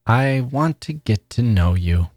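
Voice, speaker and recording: A man voicing a gentle, attentive father who speaks in a coaxing way. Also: medium pitch, expressive, takes it slowly, breathy edge, no echo, studio quality.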